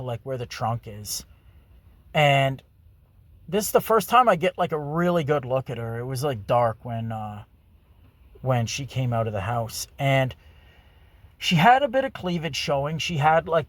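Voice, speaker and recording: A man's voice: mid-range voice, dry recording. Profane, rambling man. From Canada. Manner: profane, rambling, self-mocking. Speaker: podcast host. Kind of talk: crude storytelling monologue.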